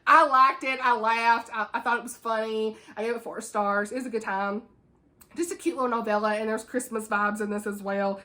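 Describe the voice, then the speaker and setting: A woman's voice: on the high side, moderate pace, sharp tone. A woman chatting casually about books she has read, gushing and giggly as she reviews them. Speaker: book vlogger. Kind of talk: casual book review chat.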